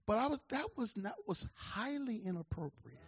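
Man in his forties, pastor, sermon, loud-to-hushed swings, fairly high voice, dry muffled sound. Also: very animated, normal speed, slightly rough. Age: 40s. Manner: preacher with call-and-response asides, swinging between loud and hushed.

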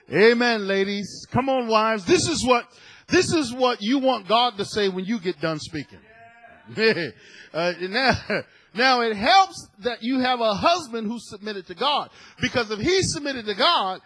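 A man's voice: very high-pitched, expressive, a little slow, a bit bright, no echo, rough recording. A male pastor preaching a sermon emphatically, often chuckling and putting questions to the congregation.

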